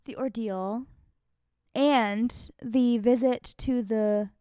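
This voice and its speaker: A young woman co-hosting a casual book podcast, reacting with lively enthusiasm. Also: a little high, extremely slow, clear, resonant tone, no room sound, clean studio sound. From Los Angeles area. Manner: animated, excitable reactions. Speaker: podcast co-host. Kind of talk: casual chat.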